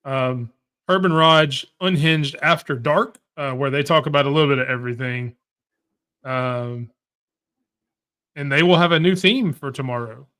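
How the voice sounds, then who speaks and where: A man's voice: mid-range voice, normal speed, bright, forceful tone. A man co-hosting a podcast, chatting in an easygoing, self-deprecating way over a home video-call mic. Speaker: podcast co-host. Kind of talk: casual chat over a watch-along.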